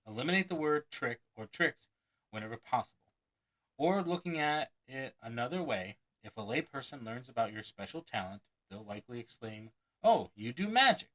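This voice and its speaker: Bright-voiced man reading aloud with asides. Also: mid-range voice, expressive, moderate pace, poor audio. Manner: chuckles often, breaks off to add his own asides; acts out quoted lines with mock enthusiasm. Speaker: magician reading a magic book aloud.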